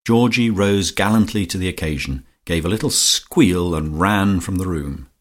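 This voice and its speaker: A man reading a comic novel aloud as an audiobook narrator, in a measured, dry manner. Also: sits low. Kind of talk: scripted narration.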